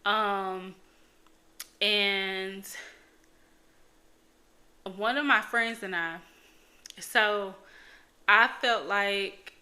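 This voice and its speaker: A young woman hosts her own podcast, talking frankly and bluntly in a casual solo chat, swearing freely and leaning on fillers. Her medium-pitched voice has a sharp tone, with drawn-out words and frequent pauses.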